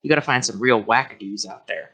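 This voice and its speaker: A man's voice: medium pitch, fast, sharp tone, husky, rough recording. A man appearing as a podcast guest, chatting in a laid-back, rambling way with lots of fillers. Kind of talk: casual podcast chat.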